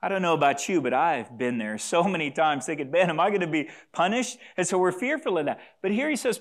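A pastor delivers an earnest sermon in a fairly high male voice. He leans on repetition, circling back to key phrases, and invites the congregation to say lines aloud with him. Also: lively intonation, fairly quick, hardly any pauses.

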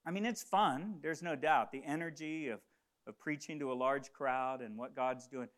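A man's voice: medium pitch, moderate pace, a bit bright. A middle-aged man from the Congo preaching a sermon, telling a story earnestly and often restarting his phrases. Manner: earnest, repeats words when starting phrases. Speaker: pastor.

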